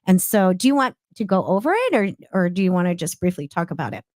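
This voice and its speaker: Woman guest, clinical social worker from the Bay Area, lower voice, thoughtful explainer, dry recording. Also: very animated, fast, a little mellow, dry recording. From San Francisco Bay Area. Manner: thoughtful, explains with frequent "right?". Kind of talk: casual interview.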